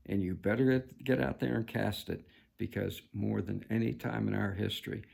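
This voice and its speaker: A man with a very gravelly, rough-edged voice delivers a fervent commentary monologue. He leans on his words and exhorts his listeners, calling them "folks" like a preacher. His tone stays husky throughout. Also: on the low side, a little mellow. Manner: emphatic, preachy, repeatedly addresses "folks". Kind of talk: political commentary monologue to camera.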